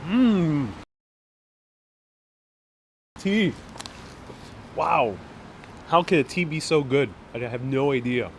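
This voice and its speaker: A man with a slightly high voice hosts a casual live-streamed walking vlog. He chats loosely, with frequent laughs, fillers and restarts. It is recorded on a handheld phone on a city street, with faint traffic behind. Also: lively intonation, slow. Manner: chatty, laughs often, many fillers and restarts. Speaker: travel vlogger host. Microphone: phone held in hand while live streaming.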